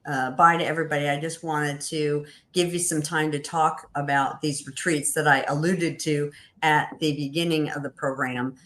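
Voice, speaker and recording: A woman with a Southern US accent hosting a webinar, friendly and halting, with many fillers. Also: sits low, steady tone, a bit bright. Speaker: webinar host.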